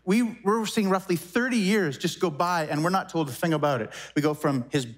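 A pastor in his forties delivers a sermon in a conversational, animated way. His voice sits a little high for a man. He breaks off for quick asides and corrects himself as he goes. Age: 40s.

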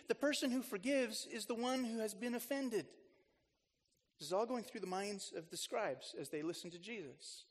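A male pastor with a notably high voice delivers a relaxed, storytelling sermon full of asides and self-corrections. His words carry a long reverb, as if spoken in a large church sanctuary. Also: moderate pace. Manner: chatty and storytelling, with frequent restarts and asides. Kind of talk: conversational sermon.

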